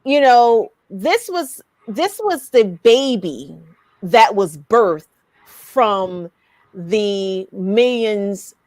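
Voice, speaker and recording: A woman's voice: medium pitch, lively intonation, drawn-out words, darkish tone, dry recording. A woman hosting a radio interview, asking winding, searching questions. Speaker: interview host.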